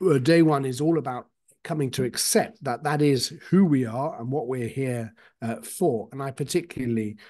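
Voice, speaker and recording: Thoughtful man explaining, halting restarts. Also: mid-range voice, darkish tone. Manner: thoughtful, many hesitations and restarts. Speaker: author guest. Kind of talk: reflective explanation. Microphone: video call.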